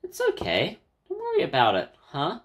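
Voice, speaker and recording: A man's voice: on the high side, wildly swooping pitch, moderate pace, pitched above the performer's own voice. A man reading the lines of a young schoolboy who comforts his girlfriend in an affectionate, reassuring way.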